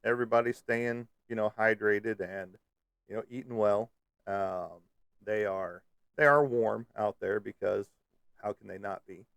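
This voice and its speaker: Host type: male, low and gravelly, loose joking ramble, dry close mic. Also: measured pace, fairly bright tone, no echo. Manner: rambling, joking, lots of fillers. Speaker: live stream host. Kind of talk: casual live chat with viewers. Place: Kansas City area.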